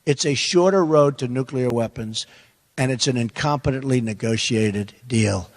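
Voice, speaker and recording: A man's voice: mid-range voice, moderate pace. Older man with an emphatic rambling delivery. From United States. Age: 70s. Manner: emphatic, repetitive, addresses crowd as folks. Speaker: presidential candidate answering audience question. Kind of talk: rambling campaign town hall answer. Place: large indoor event hall. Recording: long reverb of a large hall.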